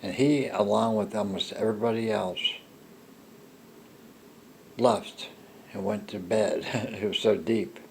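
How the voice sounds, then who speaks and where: An older man telling a personal story in a slow, rambling monologue, halting with restarts. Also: lowish voice, creaky, a little hiss or hum. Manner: halting, with restarts and soft laughs. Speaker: storyteller recounting a personal encounter.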